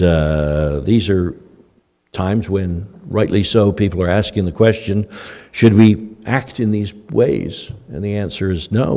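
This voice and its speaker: An older male pastor preaches in a loose, conversational way, full of fillers and restarts. His voice sits low and mellow. A long hall reverb trails each phrase. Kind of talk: sermon. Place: church hall.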